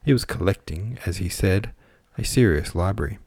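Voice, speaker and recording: Deep-voiced male audiobook narrator, measured reading, dry recording. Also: expressive, darkish tone, breathy edge, no echo. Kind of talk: scripted narration of a classic novel.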